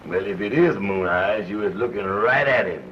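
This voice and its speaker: An actor playing a deadpan former barber who sleepwalks with a razor, speaking in a slow, dry drawl in 1940s film comedy style. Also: male voice, on the low side, lightly acted. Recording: dull old film soundtrack with hiss.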